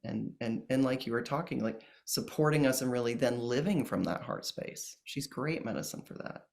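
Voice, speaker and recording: A man speaking as a guest in a casual interview about ceremonies, gentle and earnest, with many pauses and restarts. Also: medium pitch, vocal fry. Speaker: plant medicine ceremonialist guest.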